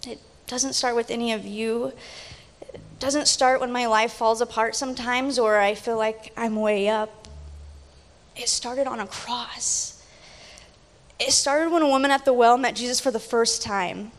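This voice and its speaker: Slow, searching woman in echoing hall. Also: on the high side, steady tone. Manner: questioning, slow, hushed toward the end of phrases. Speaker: reader of a devotional reflection. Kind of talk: personal devotional reflection. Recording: long echo of a large hall.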